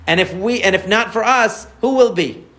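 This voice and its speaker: A man, a rabbi, explaining prayer in a conversational lesson, answering a listener's questions and repeating key phrases as he warms up. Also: high-pitched, moderate pace.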